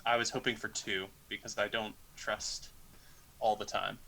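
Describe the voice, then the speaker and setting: A man's voice: on the low side, flat delivery, measured pace, creaky, bright, forceful tone, heavily acted, rough recording. A man playing an awkward adult male cleric who hesitates and restarts his sentences. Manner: hesitant, many fillers and restarts.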